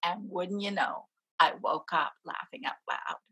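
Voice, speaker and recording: A woman appearing as an interview guest shares a personal story with strong emotion, laughing often as she goes. Her voice is lowish, fairly bright and slightly rough, delivered at a measured pace.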